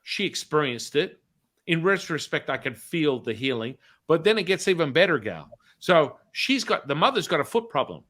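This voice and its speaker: A middle-aged man, hosting a talk show and telling a story in a lively, casual way, acting out the dialogue and swearing now and then. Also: on the high side, moderate pace. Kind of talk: animated anecdotal storytelling.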